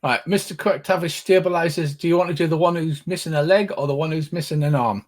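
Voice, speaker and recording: An older man acting as game master, narrating a tabletop game with a relaxed, wry manner and small hesitations. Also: on the high side, fairly quick.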